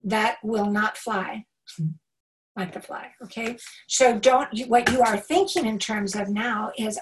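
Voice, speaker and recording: A woman giving a live talk to parents, animated and emphatic, acting out little quoted remarks. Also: on the high side, unhurried, far from the mic, slight background noise, rough recording. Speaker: homeschool workshop speaker.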